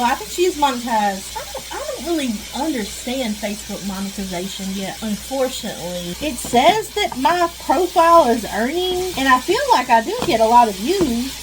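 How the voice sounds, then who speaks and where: A woman, rambling and venting in casual chat while she cooks at home. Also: fairly high pitch. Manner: chatty, venting, rambling with sighs. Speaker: vlogger. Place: home kitchen. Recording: noisy kitchen with frying sizzle. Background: sizzling frying pan.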